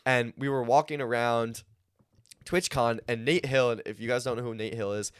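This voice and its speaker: A young man co-hosting a podcast, telling rambling stories in a relaxed, slangy way. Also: mid-range voice, normal speed, clean tone. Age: young adult. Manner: laid-back, slangy, rambling storyteller. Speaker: podcast co-host. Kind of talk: casual chat.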